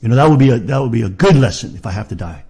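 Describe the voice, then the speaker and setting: A middle-aged man preaching in a fiery rant, swinging from low muttering to shouted insults. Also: animated, racing, husky.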